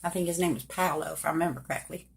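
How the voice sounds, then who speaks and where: Woman, lowish voice, folksy storyteller addressing the audience as "folks" in casual chat. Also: steady tone, rapid-fire, creaky. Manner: folksy, colloquial, talks straight to listeners. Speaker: storyteller recounting her own life.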